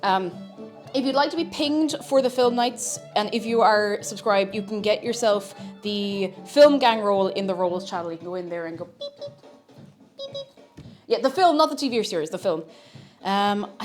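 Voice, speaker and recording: A woman streaming live, chatting casually in a scattered, playful way that breaks into sing-song and shouting. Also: mid-range voice, lively intonation, normal speed, soft background music.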